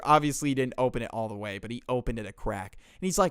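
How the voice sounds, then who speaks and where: A man's voice: medium pitch, fast, few pauses, clean tone, no room sound, studio quality. Young man telling a slangy storytime. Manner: animated, slangy, acts out quotes in shifting voices. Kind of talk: casual storytime narration.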